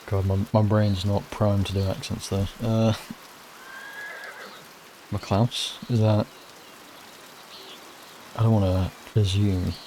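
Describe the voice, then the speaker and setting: Man, game commentary, blunt, self-deprecating, loud rain noise behind. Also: on the low side, level tone, slow, long pauses. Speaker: gaming streamer. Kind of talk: let's play commentary.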